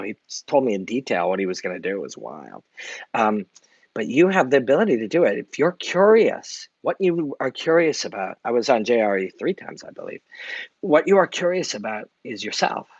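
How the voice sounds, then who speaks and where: A man's voice: medium pitch, no room sound, dull audio. Candid, profane man chatting live. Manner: candid, reflective, swears freely. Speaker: martial arts analyst and channel host. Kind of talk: casual livestream chat answering viewer comments.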